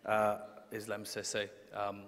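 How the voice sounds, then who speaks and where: A man's voice: fairly low pitch, completely flat delivery, unhurried, a bit bright. A man hosting a live event on stage, loose and jokey, with lots of ums between his lines. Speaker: event host. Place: large concert hall on stage. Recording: long reverb of a large hall.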